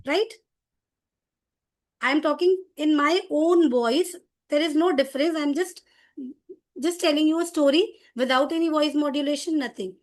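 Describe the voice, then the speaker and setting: A high-voiced middle-aged woman leads a teacher training session. She talks in an animated, demonstrative way and often restarts her sentences as she explains. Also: normal speed, pauses often.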